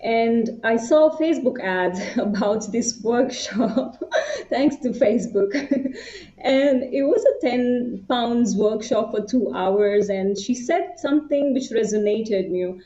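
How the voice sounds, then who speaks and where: A woman's voice: a little high, slow, dark tone. A young woman from India telling her personal story as an interview guest, reflective and hesitant. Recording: roomy, slightly muffled.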